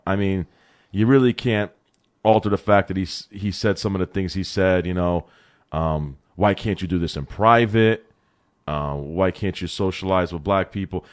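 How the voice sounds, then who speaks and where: A young man co-hosting a sports podcast in a small studio, talking in an excitable, animated way and calling his partner bro. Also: on the low side. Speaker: co-host. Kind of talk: casual sports talk.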